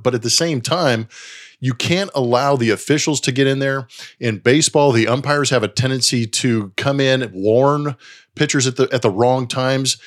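A man co-hosting a casual sports talk show, arguing his views with rhetorical questions. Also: mid-range voice. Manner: animated, opinionated, speaks in rhetorical questions.

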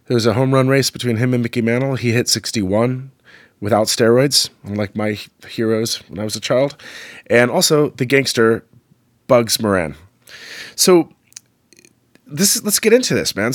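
A middle-aged man from the United States talks in a lowish voice, telling loose, animated stories as a podcast host. He wanders off on asides and fills gaps with "um" and "like." The sound is dry and close, with no room around it. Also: dry recording. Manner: rambling, animated, many fillers and asides. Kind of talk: casual storytelling monologue.

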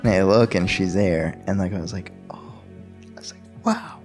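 A man with a fairly low voice tells a personal story in a relaxed, chatty way. He acts out every quoted line, and his voice leaps high on them. Faint music plays underneath. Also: brisk. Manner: animated, acts out quoted dialogue with sharp pitch jumps. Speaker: guest telling his story. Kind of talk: casual storytelling.

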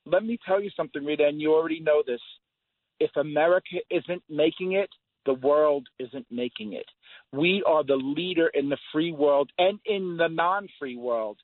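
A man's voice: fairly high pitch, normal speed, no echo. A middle-aged man calling in to a radio talk show, ranting emphatically and repeating himself for effect. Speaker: caller. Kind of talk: call-in radio opinion. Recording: phone line.

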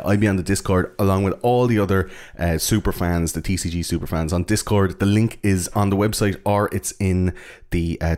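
An Irish man co-hosts a podcast in loose, joking chat, swearing now and then. His voice sits very low. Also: darkish tone. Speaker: podcast co-host.

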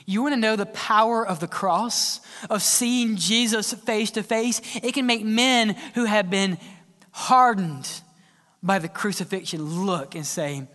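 A male pastor preaching a sermon, swinging between loud cries and hushed whispers. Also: high-pitched, measured pace. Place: large church hall. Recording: long church-hall reverb.

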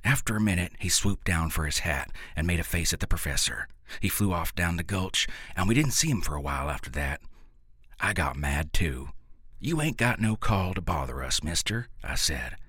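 A man's voice: extremely low pitch, expressive, moderate pace, bright, forceful tone, husky, dry recording, studio quality. A man reading a first-person story aloud in a folksy, drawling rural dialect. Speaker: narrator.

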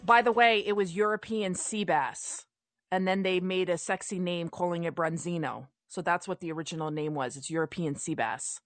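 A young woman giving pointed opinion commentary on a radio show, brisk and direct. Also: on the low side, no echo, soft background music. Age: young adult.

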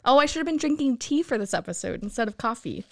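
A woman with a Texan accent co-hosting a casual paranormal podcast, bubbly and quick with jokes. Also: a little high, lively intonation, gravelly, a little mellow, a little hiss or hum. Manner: bubbly, jokey. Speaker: podcast co-host. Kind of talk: casual chat.

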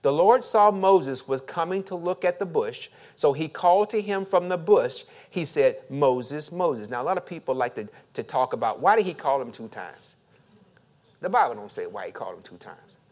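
A man's voice: fairly high pitch, animated, normal speed, a little mellow. A man preaching a sermon, reading scripture aloud and joking as he acts out the voices of the story. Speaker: pastor.

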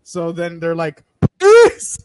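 High, lively Texan podcast guy. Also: fairly quick, no room sound. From Texas. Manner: profane, animated storyteller. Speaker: podcast co-host. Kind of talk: casual storytelling chat.

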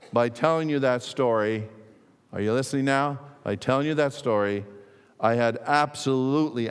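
A man's voice: mid-range voice, smooth. A male pastor preaching a sermon in a church sanctuary, speaking emphatically and calling for amens. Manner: emphatic, with calls of amen to the congregation. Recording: long reverb of a big sanctuary.

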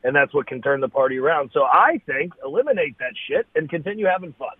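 A man's voice: a little high, expressive, fast, slightly rough, no echo. A man co-hosting a podcast, talking bluntly and swearing freely in casual chat. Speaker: podcast co-host. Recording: dry, phone-like sound.

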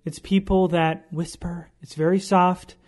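A man's voice: high voice, flat delivery, measured pace, a little mellow. A man hosting his own podcast in a casual monologue, joking and poking fun at himself as he rambles. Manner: jokey, self-mocking, rambling. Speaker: podcast host.

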